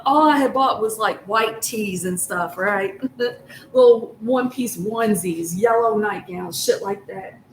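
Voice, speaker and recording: Woman, casual chat, rambling and profane, slow drawn-out delivery. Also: on the high side, a little hiss or hum, low-quality recording. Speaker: storyteller. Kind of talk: casual personal storytelling.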